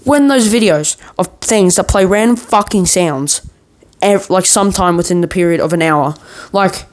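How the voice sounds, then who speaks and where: A man's voice: high-pitched, moderate pace. A man in a worked-up, profane ranting monologue, swearing nearly every sentence as a vlogger.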